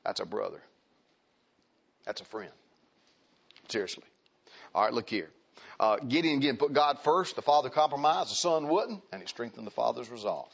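A male preacher delivering a sermon, dropping to quiet asides and rising to loud, high exhortation. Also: lively intonation, moderate pace, gravelly, long pauses, breathy edge, highs cut off.

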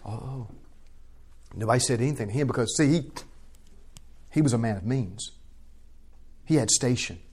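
A man preaching a sermon in a folksy, impassioned way, shifting from quiet to loud. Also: medium pitch, animated, a little fast, pauses often, slightly rough.

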